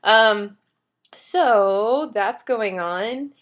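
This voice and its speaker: A woman's voice: fairly high pitch, drawn-out words, a bit bright. Playful woman podcast co-host. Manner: playful, jokey, recaps plot in a chatty way. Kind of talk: casual podcast chat, episode recap.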